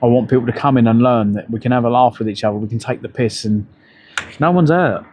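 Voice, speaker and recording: Middle-aged male streamer, mid-pitched, sweary, rambling anecdotes, outdoors on a bike ride. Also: quick pace, a little mellow, a little hiss or hum. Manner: profane, rambling storyteller. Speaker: livestreamer. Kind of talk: casual live-stream chat.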